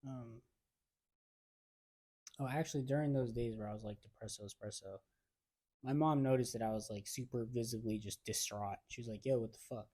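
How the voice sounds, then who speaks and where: Young male podcast co-host, mellow tone, candid slangy storyteller. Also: medium pitch, normal speed, long pauses. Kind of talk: casual chat.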